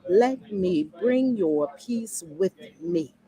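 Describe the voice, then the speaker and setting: A woman's voice: mid-range voice, expressive, very slow, crowd noise, low-quality recording. Woman, spiritual teacher, live daily lesson, heartfelt, chatty, laptop mic. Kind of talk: live spiritual talk and prayer reading. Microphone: laptop built-in mic.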